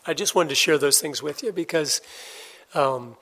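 A middle-aged man preaching a sermon, telling a personal story in an earnest way and swinging between loud, excited stretches and hushed ones. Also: on the high side, normal speed. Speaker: pastor.

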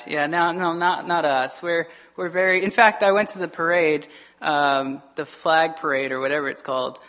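A man preaching a sermon as pastor, animated and digressive, acting out the voices of people he quotes. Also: on the high side. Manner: frequent fillers and quick asides.

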